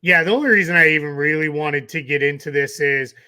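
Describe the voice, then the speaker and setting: Tired bright-voiced Boston man. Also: a little high, fairly quick, smooth. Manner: chatty, rambling with restarts. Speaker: co-host. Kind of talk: casual sports podcast chat.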